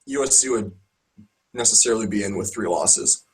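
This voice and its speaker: A man co-hosting a casual sports debate podcast, interjecting measured corrections. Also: lowish voice, husky, low-quality recording. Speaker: podcast co-host.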